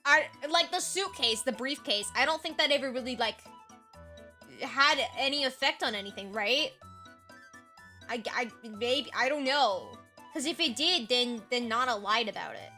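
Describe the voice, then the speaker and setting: Young woman streamer: bright, lively chatter full of fillers and laughs, a touch hoarse and tired, faint music underneath. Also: a little high, normal speed. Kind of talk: casual chat recapping a role-play game.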